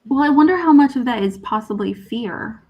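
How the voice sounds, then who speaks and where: A woman co-hosting a casual movie discussion, thinking aloud in halting, self-correcting sentences. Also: on the high side, lively intonation, lo-fi sound. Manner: thoughtful, halting, restarts often. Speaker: podcast co-host.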